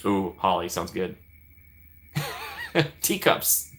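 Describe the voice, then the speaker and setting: A man's voice: sits low, sing-song, drawn-out words, fairly bright tone. A man hosting a casual live stream, chatting with viewers by name and laughing often.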